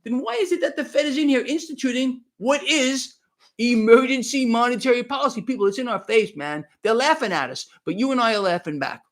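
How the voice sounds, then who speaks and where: A man's voice: very high-pitched, brisk, a bit bright. A man hosting a live stream of market commentary, talking straight to his viewers with sarcastic, exclaiming emphasis.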